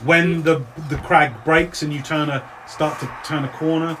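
A man running a tabletop game as game master, narrating in a relaxed, meandering way with frequent restarts. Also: fairly high pitch, moderate pace, background noise.

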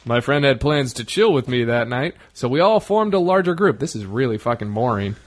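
A man co-hosting a comedy podcast, reading listener emails aloud in an animated, mocking way. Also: medium pitch, a little fast. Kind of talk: casual chat.

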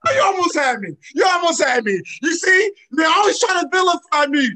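A man's voice: very high-pitched, animated, a little fast, sharp tone. A young man hosting a casual podcast, talking animatedly with theatrical protests and indignation. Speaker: podcast host.

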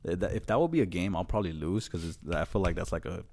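A man's voice: deep voice, animated, fast talker, vocal fry, a little mellow. A man hosting a podcast in casual chat, rambling and profane, breaking into laughter often. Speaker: podcast host.

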